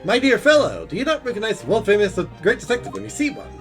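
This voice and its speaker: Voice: medium pitch, huge pitch swings, quick pace, fairly bright tone. A streamer voicing a pompous, eccentric male detective in a video game, with grand, theatrical delivery, over game music. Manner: grandiose, theatrical, self-satisfied.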